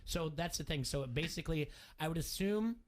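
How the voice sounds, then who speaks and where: A man's voice: fairly high pitch, brisk. Rambling male sports radio host. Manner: rambling storyteller, acts out quotes. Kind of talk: casual sports talk.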